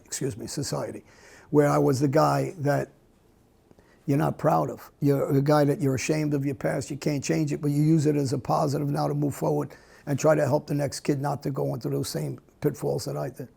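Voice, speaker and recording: A middle-aged man, an interview guest, speaking bluntly in a halting way with many restarts. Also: fairly high pitch, gravelly, mellow, slightly rough. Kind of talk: candid conversational interview.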